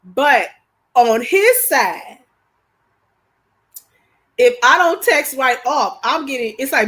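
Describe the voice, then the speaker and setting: Woman, high-pitched, middle-aged, casual podcast chat, animated, lots of restarts. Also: unhurried. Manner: animated, many restarts and "you know what I'm saying". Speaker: podcast co-host.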